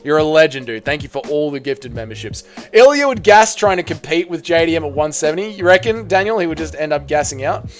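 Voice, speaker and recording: Aussie streamer, man, slightly high voice, animated chat host, casual and a bit sweary, faint music behind. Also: fast talker, few pauses. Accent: Australian.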